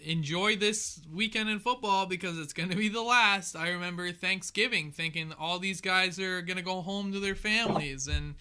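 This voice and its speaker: Upbeat joking male co-host, high voice, very bright and crisp tone, casual sports chat. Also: normal speed, hardly any pauses.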